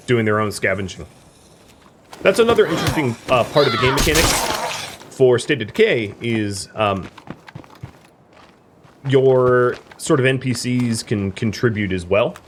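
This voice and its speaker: A man's voice: mid-range voice, slight background noise. A man streaming a video game, casually explaining the mechanics with lots of fillers. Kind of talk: casual gameplay commentary.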